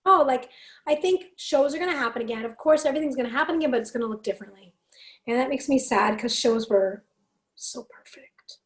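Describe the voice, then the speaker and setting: A woman with a raspy voice, a singer guesting on a podcast, telling stories excitedly and swearing freely. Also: sits high, fast. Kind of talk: casual chat.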